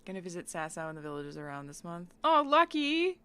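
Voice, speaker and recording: A woman's voice: on the low side, very animated, fairly quick, pushed and bright, a little hiss or hum. Bubbly giggly American woman streamer. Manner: bubbly, giggly, reads chat aloud and riffs. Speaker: streamer chatting with viewers. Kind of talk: casual live-stream chat. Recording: faint game music behind.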